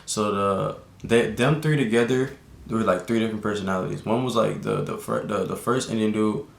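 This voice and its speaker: A man's voice: fairly low pitch, steady tone, a little fast, gravelly, roomy sound. A young man vlogger telling a casual storytime, rambling and laid-back, full of slang and restarts. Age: young adult.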